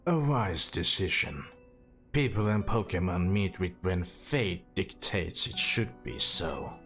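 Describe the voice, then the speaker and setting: A man's voice: sits low, animated, fairly bright tone, faint music behind, full character voice. A man doing a grave ancient giant. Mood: solemn. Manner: slow, grave, ceremonious. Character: towering ancient man, solemn, formal. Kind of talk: reading game dialogue aloud.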